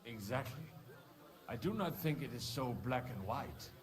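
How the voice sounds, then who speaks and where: Man voicing a vengeful game townsman, stiff formal speech, bitter, lively intonation. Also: medium pitch, a little slow, close to an everyday voice. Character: grim young male townsman, bent on revenge.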